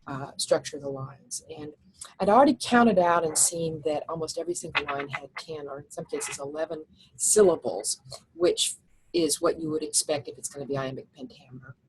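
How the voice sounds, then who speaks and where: A woman's voice: sits low, moderate pace, slight background noise, rough recording. A woman teaching a recorded lecture over slides, explaining step by step with frequent fillers and restarts.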